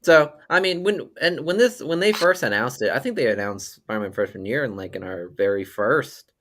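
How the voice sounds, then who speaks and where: A man's voice: mid-range voice, lively intonation, normal speed, fairly bright tone. A man co-hosting a casual movie podcast, talking loosely, restarting his sentences and swearing casually. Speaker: podcast co-host.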